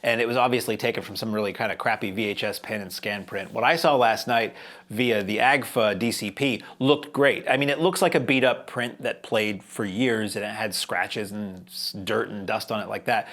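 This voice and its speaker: A man's voice: on the low side, normal speed, fairly bright tone. A man hosting a film review show, talking casually in a chatty, wry, rambling way with lots of fillers.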